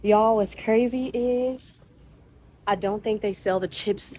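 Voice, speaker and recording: A woman's voice: medium pitch, takes it slowly, a little hiss or hum, rough recording. A young woman vlogging casually from her car and a convenience store, talking expressively, ranting and swearing. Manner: expressive, animated, swears and rants. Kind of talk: casual vlog chat.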